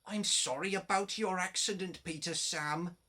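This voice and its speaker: A man's voice: high voice, measured pace, pushed and bright, exaggerated voice. A man voicing a sheepish, complaining little steam engine in a children's storybook reading. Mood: offhand. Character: sheepish whiny narrow-gauge engine.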